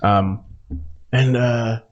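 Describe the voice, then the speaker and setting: A man hosting a podcast, telling a story in casual chat, animated, laughing often and acting out voices. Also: mid-range voice, drawn-out words, lo-fi sound, slight background noise. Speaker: podcast host.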